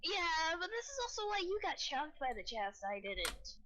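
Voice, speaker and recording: A woman's voice: very high voice, big pitch swings, normal speed, sharp tone. A woman playing in a tabletop game, chatting in a hesitant, casual way. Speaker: player.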